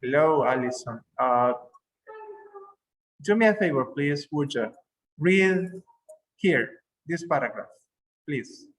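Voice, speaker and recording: A man's voice: a little high, animated, takes it slowly, pauses often, poor audio. A man who speaks Spanish as a first language, teaching an English class on a video call in a patient manner, repeating words for emphasis.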